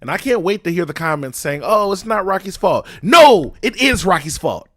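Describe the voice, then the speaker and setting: Lively high-voiced young man reacting. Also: brisk. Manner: exasperated, swears often, talks straight to viewers. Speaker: movie reaction host. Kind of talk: casual reaction commentary.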